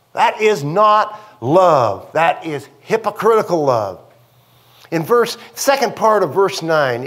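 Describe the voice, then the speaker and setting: In a church, a male pastor preaches a sermon in an animated, conversational manner, frequently checking in with the congregation. His voice sits high and swings widely in pitch.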